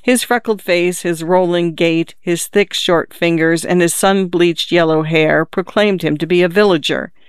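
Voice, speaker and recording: Smooth-voiced man reading a story. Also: high-pitched, dry recording, studio quality. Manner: measured, steady storytelling with lightly voiced dialogue. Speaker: narrator. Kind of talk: audiobook reading of classic fiction.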